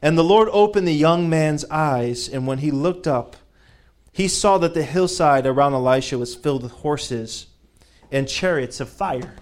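A man's voice: a little high, measured pace. Emphatic man preaching a sermon. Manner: emphatic, rises on key phrases, repeats words. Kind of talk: sermon with scripture reading.

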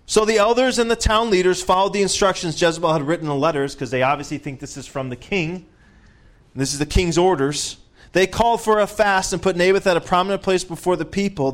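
A man leading a Bible study, reading scripture aloud and breaking off for conversational asides and questions to the group. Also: high voice. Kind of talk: reading scripture with casual commentary.

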